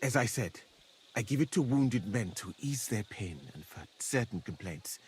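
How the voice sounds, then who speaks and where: An actor playing a calm, learned foreign physician in a camp, speaking in a measured, courteous way. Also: male voice, medium pitch, a little hiss or hum, lightly acted. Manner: measured, courteous, softly spoken. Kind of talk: video game dialogue.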